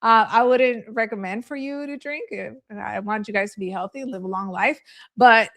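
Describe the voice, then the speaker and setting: A woman's voice: fairly high pitch, moderate pace, fairly bright tone. A woman real estate agent giving a live training, telling candid stories in a chatty way and laughing easily.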